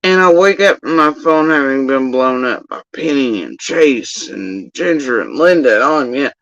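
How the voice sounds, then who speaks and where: Agitated man ranting, lively pitch. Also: moderate pace, no echo. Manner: agitated, profane, repeats himself. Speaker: livestreamer recounting personal events. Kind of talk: rambling livestream monologue. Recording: dull lo-fi stream audio.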